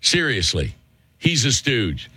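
A man's voice: mid-range voice, huge pitch swings, slow pace, pushed and bright, husky, no room sound. A male talk show host with a Worcester, Massachusetts accent, delivering a chatty, opinionated monologue and calling listeners folks.

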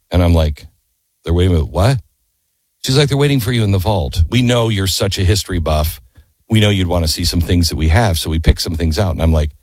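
A middle-aged man hosting a talk radio show, telling a story in an animated way, with sudden high exclamations, and reading ads. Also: no echo.

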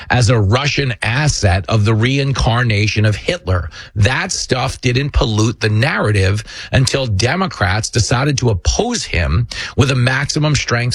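A man's voice: medium pitch, dry recording. A man hosting a political commentary show, talking emphatically and sarcastically. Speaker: show host.

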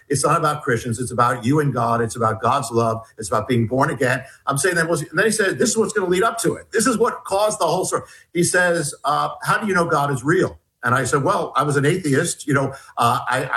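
A man telling a story in an interview as a guest author, halting and restarting often while acting out dialogue. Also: on the high side, fairly bright tone, poor audio. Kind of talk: animated storytelling.

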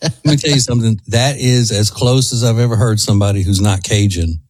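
A man co-hosts a chat show in a rambling, easygoing way. His voice sits a little low. The sound is dry and close to the mic. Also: a little fast, darkish tone, dry recording. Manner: rambling, laid-back storytelling. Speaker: radio show co-host. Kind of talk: casual chat.

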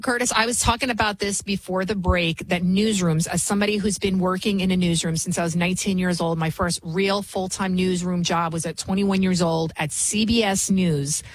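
A woman hosts a talk show, firing off opinions at high speed with hardly a pause between sentences. Her tone turns sarcastic and mocking as she rants. The voice is a little husky and sits close and dry on the mic. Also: steady tone, no room sound, poor audio. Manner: talks fast, rarely pauses. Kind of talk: opinionated talk radio commentary.

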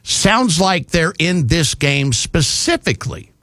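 A man's voice: fairly high pitch, lively intonation, takes it slowly, fairly bright tone, no echo, studio quality. A man hosting a talk radio show, rambling in a folksy way with frequent fillers and restarts.

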